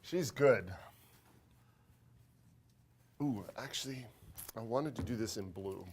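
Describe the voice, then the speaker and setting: A man teaching an accounting class, talking fast and joking with students, his throat dry from talking. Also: fairly low pitch, heavy background noise. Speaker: accounting instructor. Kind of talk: classroom lecture.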